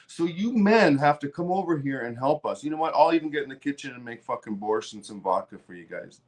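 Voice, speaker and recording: A man's voice: medium pitch, lively intonation, a little fast. A Canadian man hosting his own show, ranting angrily and swearing heavily, now and then mocking others in sarcastic voices. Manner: profane and heated, mocking voices. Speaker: livestream host. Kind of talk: angry political rant.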